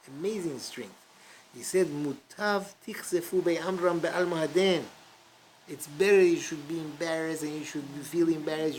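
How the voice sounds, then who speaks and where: A man's voice: fairly high pitch, slight background noise. A man teaching a casual Talmud class, telling a story with many fillers and restarts and acting out the quotes. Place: study hall class.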